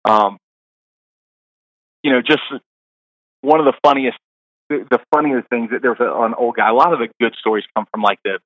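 A man's voice: medium pitch, normal speed, pauses often, fairly bright tone, dry recording, muffled recording. A middle-aged man, a caddie guest on a podcast, telling stories in a rambling casual way, full of fillers and restarts. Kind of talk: casual interview storytelling.

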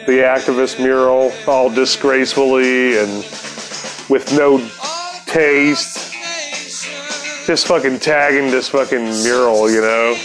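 A man telling a story from his past in a casual, laid-back way, cursing freely and laughing often. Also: medium pitch.

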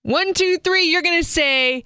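A woman's voice: very high voice, a little slow, pushed and bright, no echo, clean studio sound, pitched above the performer's own voice, full character voice. A woman voicing an overly serious, theatrical man who coaches a toddler to smile for a photo, counting in an exaggerated sing-song. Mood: coaxing.

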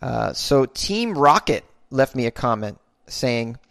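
A man's voice: medium pitch, sing-song, creaky, fairly bright tone, no echo. Dry-sounding male podcast host. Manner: rambling, self-deprecating, with halting restarts. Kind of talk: casual monologue reading listener comments.

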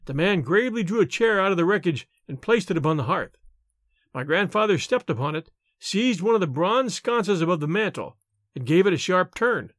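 A man narrating a novel aloud in an expressive storytelling manner. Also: high voice, normal speed, no room sound, studio quality. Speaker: audiobook narrator. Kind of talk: scripted narration.

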